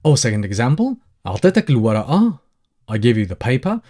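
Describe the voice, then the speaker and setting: A man's voice: medium pitch, sing-song, very fast, dark tone. A man teaching a language lesson, patiently repeating example phrases and explaining them step by step. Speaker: Arabic teacher.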